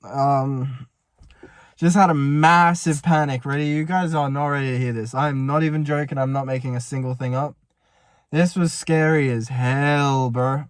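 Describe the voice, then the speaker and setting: A man's voice: mid-range voice, steady tone, moderate pace, smooth, dry recording. A young man, rambling and panicky as he tells a story to camera from a parked car. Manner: panicky, rambling, swears a lot. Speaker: vlogger. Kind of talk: casual vlog storytelling.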